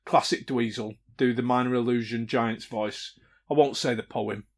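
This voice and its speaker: A man's voice: mid-range voice, steady tone, normal speed. A man taking part in a tabletop game, speaking hesitantly with many fillers as he plans his turn. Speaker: player. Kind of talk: casual tabletop game chat.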